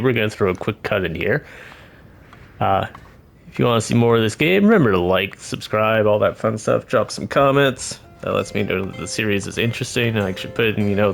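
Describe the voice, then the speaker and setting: A man's voice: on the low side, gravelly. A man streaming a video game, chatting casually and joking at himself. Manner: chatty, self-deprecating, laughs at himself. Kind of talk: casual gameplay commentary.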